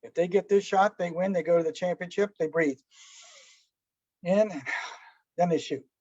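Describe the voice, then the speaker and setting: A man's voice: high voice, steady tone, normal speed, a little mellow, no echo. A man giving a casual spoken lesson on breathing and meditation, asking rhetorical questions and acting out little anecdotes. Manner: conversational, asks rhetorical questions, acts out anecdotes with little voices. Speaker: meditation teacher. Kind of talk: relaxed spoken teaching talk. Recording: dull lo-fi dry recording.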